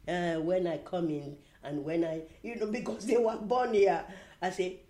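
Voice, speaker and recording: A woman's voice: fairly low pitch, unhurried, few pauses. An older woman with a foreign accent, telling stories in a casual chat, full of fillers and restarts. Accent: foreign-accented English. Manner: warm storytelling, many "you know" fillers and restarts. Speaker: interviewee.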